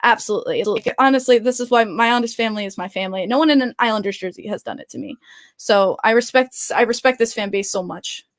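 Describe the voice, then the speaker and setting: A woman's voice: medium pitch, quick pace. A woman guesting on a podcast in casual chat, rambling with many "like" fillers.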